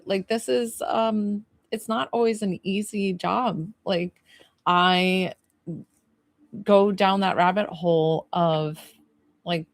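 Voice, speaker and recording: A woman's voice: medium pitch, no room sound. A woman working as a psychic medium, giving an emotional livestream reading in long, rambling sentences. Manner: relays messages as she hears them, quoting the spirit.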